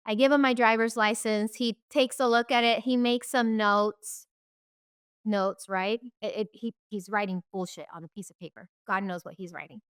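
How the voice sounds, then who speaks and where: A woman's voice: a little high, steady tone, fairly quick, fairly bright tone, clear, resonant tone, dry recording, studio quality. A young woman candidly recounting her own story in an interview, swearing freely and acting out what others said. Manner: candid, swears freely, acts out quoted voices. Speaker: guest telling her life story.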